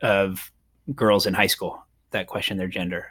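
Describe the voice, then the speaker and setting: A man's voice: sits low, little pitch movement, a little slow, fairly bright tone. A man co-hosting a podcast in casual chat, often stopping to restart and repeat his words. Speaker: podcast co-host.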